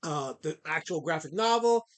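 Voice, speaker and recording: A man's voice: fairly high pitch, animated, moderate pace. A middle-aged man who creates comics, chatting casually on a live stream, rambling with many fillers and snapping back at his chat.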